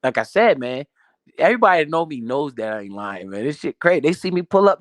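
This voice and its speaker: A man's voice: fairly high pitch, sing-song, fast talker, no echo, clean studio sound. A man giving a profane, emphatic motivational rant about money in a casual way. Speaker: motivational finance streamer.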